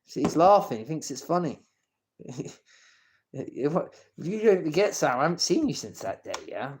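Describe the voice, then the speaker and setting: A man's voice: a little high, very animated, moderate pace, a little mellow, slight background noise. A man ranting casually on a live stream, stammering and restarting his sentences, coarse and confrontational as he swears at people. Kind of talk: rambling live-stream rant.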